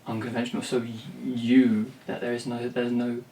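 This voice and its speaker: In a completely flat, mellow mid-range voice, the vlogger discusses songwriting at a moderate pace. He rambles, swears freely and restarts constantly, speaking plainly. A faint ambience, a roomy off-mic sound and a little hiss or hum mark the recording.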